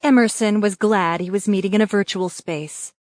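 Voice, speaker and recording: A woman reads a scripted fantasy audiobook, keeping an even, measured pace in her middle-pitched voice. There's no echo or room sound, as the recording is close and dry.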